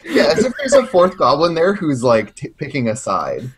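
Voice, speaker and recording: A man playing a tabletop game who talks through his plans slowly and thoughtfully. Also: on the high side, huge pitch swings, slight background noise. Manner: slow, thoughtful planning. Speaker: player. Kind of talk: casual tabletop game chat.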